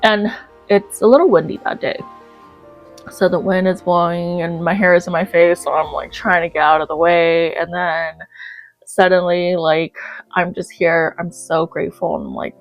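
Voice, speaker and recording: A woman narrating her own life story as an author, acting out her past reactions with lively quoted lines. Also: lowish voice, moderate pace, soft background music.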